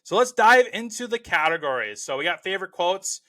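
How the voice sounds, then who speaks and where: A man's voice: high voice, very animated, fairly quick, sharp tone. A man hosting a movie review show, talking casually and enthusiastically, rambling with lots of fillers and restarts. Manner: rambling and enthusiastic, heavy on "you know" and restarts. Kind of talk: casual spoken film review.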